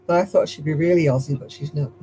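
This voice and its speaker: A woman's voice: sits low, steady tone, brisk, mellow, husky, poor audio. A woman with a Lancashire accent hosting a casual live stream while she crochets, chatty and rambling, chuckling at herself. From Lancashire, England.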